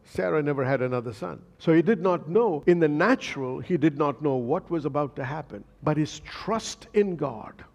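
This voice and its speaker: A man's voice: fairly high pitch, animated, moderate pace, gravelly, few pauses, long reverb tail. A man preaching a sermon as a bishop, reading scripture aloud and asking the congregation rhetorical questions.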